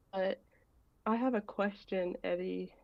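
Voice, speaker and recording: On a video call, a woman asks her question by way of a rambling, hesitant personal story full of fillers and restarts. Her voice is medium-pitched, steady, slow and gravelly. The call audio is dull, dry and lo-fi.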